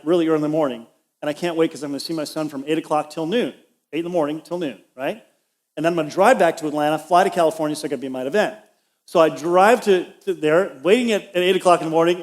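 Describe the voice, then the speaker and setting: A man's voice: on the high side, darkish tone. A middle-aged man, a pastor, preaching a conversational sermon and telling a personal story with asides to the congregation. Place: church auditorium.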